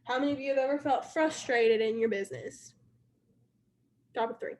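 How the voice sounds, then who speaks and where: A woman's voice: sits high, steady tone, normal speed, darkish tone. A young woman leading her sales team in a casual motivational live stream, chatty and repetitive, talking straight to her viewers.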